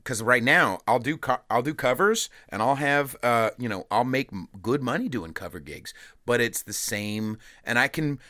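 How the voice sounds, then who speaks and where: Bright-voiced, rambling, profane podcast host. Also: male voice, medium pitch, lively intonation, normal speed, no room sound, clean studio sound. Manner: profane, rambling, self-interrupting. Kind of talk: casual chat. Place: rented recording room. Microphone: studio mic with pop screen.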